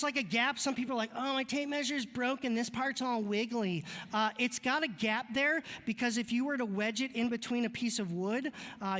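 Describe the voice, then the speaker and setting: Brief: male pastor, fairly high voice, loose joking sermon style, long church-hall reverb. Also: fairly bright tone. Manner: joking, conversational, chatty asides. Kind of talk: casual sermon. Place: church sanctuary.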